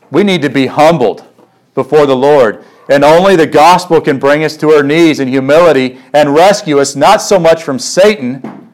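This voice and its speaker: A man preaching a sermon as pastor, emphatic and full of rhetorical questions, growing higher and more urgent as he presses a point. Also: moderate pace, darkish tone, rough recording. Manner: emphatic, rhetorical questions, rises in pitch when stirred.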